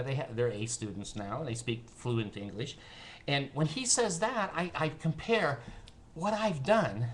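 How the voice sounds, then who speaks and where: Chuckling older man, bright rambling monologue. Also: medium pitch, a little hiss or hum. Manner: rambling, laughing, sardonic storytelling. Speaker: vlogger. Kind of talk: casual monologue to camera. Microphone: camera mic.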